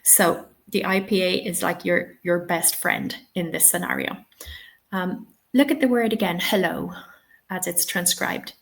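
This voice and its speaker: A woman's voice: fairly low pitch, steady tone, measured pace, creaky. A woman running a teaching webinar, encouraging and checking in often with "okay?" and "yeah?". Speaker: TEFL trainer.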